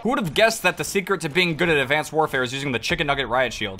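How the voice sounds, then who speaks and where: A gaming video creator giving live gameplay commentary, excitable, swearing and laughing often. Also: medium pitch, brisk, faint music behind.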